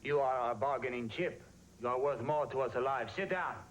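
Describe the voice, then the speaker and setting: An actor playing a terrorist leader who barks stiff, commanding threats. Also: male voice, mid-range voice, a little fast, a little hiss or hum, close to an everyday voice. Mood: menacing. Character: menacing terrorist leader, grown man.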